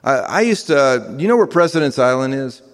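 A man's voice: mid-range voice, animated, normal speed. A man from the American South preaching a sermon to a room of listeners, conversational and full of fillers and restarts. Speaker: pastor. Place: large room with a live audience. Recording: long reverb of a hall.

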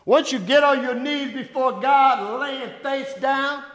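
A man preaching a sermon, shouting at times and swinging between loud and soft. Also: slow. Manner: preaching with shouts and wide swings in pitch and loudness. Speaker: pastor. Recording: echoey hall.

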